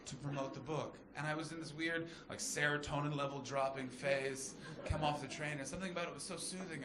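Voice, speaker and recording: A man performing a stand-up comedy set on stage, telling a story with animated delivery and shouted punchlines. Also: fairly high pitch, roomy sound. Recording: live club recording with crowd laughter. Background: audience laughing.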